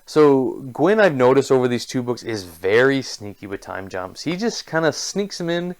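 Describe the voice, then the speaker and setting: Gushing man with a smooth voice. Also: mid-range voice, very animated, moderate pace. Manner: enthusiastic, gushing, heavy use of filler words. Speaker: book reviewer. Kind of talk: casual spoken book review.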